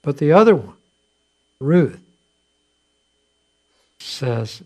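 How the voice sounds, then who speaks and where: A pastor preaching in a church, his voice sitting a touch high for a man. He tells the story conversationally, with restarts, dropping quiet for asides and lifting loud for his points. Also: measured pace. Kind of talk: sermon.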